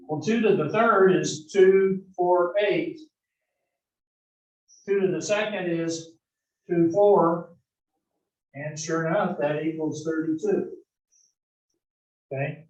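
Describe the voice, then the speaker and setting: A man teaching an algebra class, explaining slowly and answering his own questions as he goes. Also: a little high, a little mellow, echoey room, distant mic, low-quality recording. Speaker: math instructor. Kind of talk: recorded classroom lecture.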